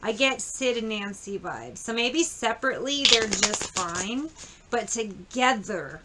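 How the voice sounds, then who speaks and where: A woman's voice: fairly high pitch, lively intonation, unhurried, heavy background noise. A woman giving a casual tarot reading, chatty and blunt, swearing freely as she tells a story. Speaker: tarot reader.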